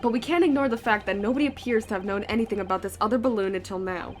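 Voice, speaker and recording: A woman's voice: medium pitch, racing, soft background music, natural voice. A woman reading as an earnest young defense lawyer. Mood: firm. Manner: earnest, arguing.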